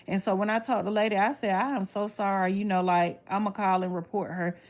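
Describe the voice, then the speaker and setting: A woman, casually telling viewers a story in a blunt, animated way and swearing freely. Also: mid-range voice, brisk. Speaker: livestreamer talking to viewers.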